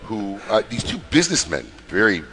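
A man's voice: lowish voice, brisk, slight background noise. A man who owns a cigar shop, chatting casually and acting out little stories. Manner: animated storyteller who acts out others. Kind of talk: casual chat.

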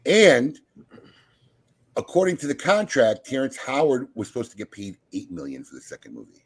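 A man hosting a podcast in casual group chat, animated and teasing with quick asides. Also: medium pitch, husky. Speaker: podcast host.

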